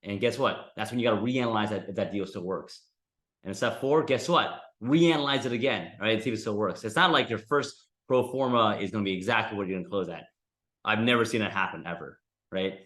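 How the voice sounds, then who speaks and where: A man's voice: lowish voice, brisk, a bit bright, roomy sound. A man teaching a real estate investing class in a casual, conversational way, often tagging sentences with "right?". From United States.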